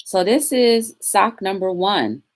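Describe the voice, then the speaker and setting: Lively chatty woman hosting a stream. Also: medium pitch, slow. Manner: chatty, talks straight to viewers, reads quotes aloud with emphasis. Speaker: talk show host. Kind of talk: casual live-stream chat.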